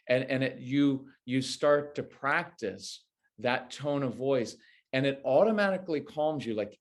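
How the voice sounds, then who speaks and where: Animated man giving parenting advice. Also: medium pitch. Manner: animated, acts out parent lines in quoted voices. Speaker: parenting expert guest. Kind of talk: conversational interview advice.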